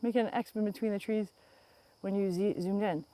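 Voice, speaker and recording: This woman speaks at a medium pitch and normal speed, her tone warm and steady, with slight background noise. She's a vlogger strolling outdoors through the woods, phone camera held in front, chatting loosely to her livestream audience with lots of rambling and laughter.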